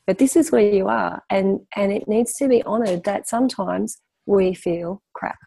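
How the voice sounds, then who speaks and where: A woman's voice: medium pitch, moderate pace, vocal fry, warm tone, no room sound. A woman, a spiritual coach, talking passionately in a candid interview and repeating phrases for emphasis.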